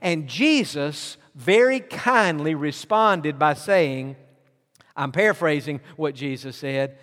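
A man with a high-pitched voice preaches a sermon, pressing his points with repeated refrains. His words ring out with a long reverb from a large hall. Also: lively intonation, takes it slowly, fairly bright tone. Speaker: pastor.

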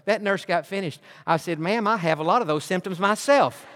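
A man, a pastor, telling a personal story in a sermon, earnest and animated, acting out the dialogue. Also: high voice, brisk. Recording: long hall reverb.

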